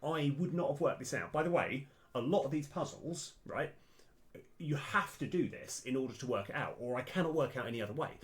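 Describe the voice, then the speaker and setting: A man live-streaming a game, thinking aloud with lots of fillers and sudden bursts of excitement. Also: medium pitch, a little fast. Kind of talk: live-stream commentary while playing and mapping a game.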